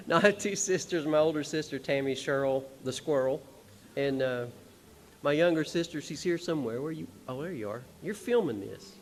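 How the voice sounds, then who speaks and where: On a concert hall stage at a tribute show for his musician father, a man tells family stories in a folksy, rambling, emotional way, with small chuckles. His voice is a little high and his speed normal.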